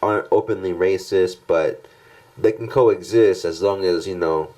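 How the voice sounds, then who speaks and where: A man's voice: low-pitched, fairly even intonation, unhurried, warm tone. A man co-hosting a podcast in casual chat, laid-back and a bit hesitant, often asking questions. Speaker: podcast co-host.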